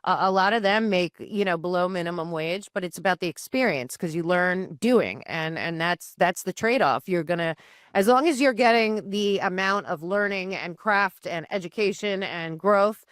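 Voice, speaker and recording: A woman's voice: lowish voice, moderate pace, no room sound, studio quality. A woman speaking as a podcast guest, earnest in a casual conversation, often restarting her sentences.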